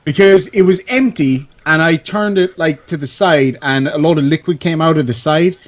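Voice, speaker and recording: A man's voice: a little high, normal speed. A man in casual chat on a live stream, talking in a rambling way and often breaking off mid-sentence. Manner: rambling, self-interrupting.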